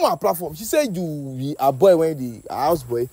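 A man with a Nigerian accent hosting a comic street-interview skit, firing off fast, animated questions. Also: on the high side, no echo.

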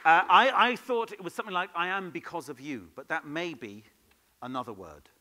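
Workshop leader, man, bright and sharp voice, playful and quick with the crowd. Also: fairly high pitch, a little hiss or hum. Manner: lively, playful, questions the audience. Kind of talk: conference workshop talk. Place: conference hall.

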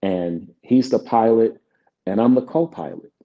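Speaking a little slowly at a fairly low pitch, a middle-aged songwriter guest shares easygoing stories in an interview. He plays out both roles in remembered conversations. Sound quality is dull and lo-fi.

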